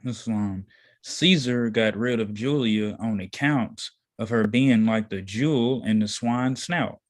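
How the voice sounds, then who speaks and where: A man reading a text aloud slowly and deliberately, pausing now and then to comment. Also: lowish voice. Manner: slow, deliberate reading with pauses. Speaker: reader in a study session.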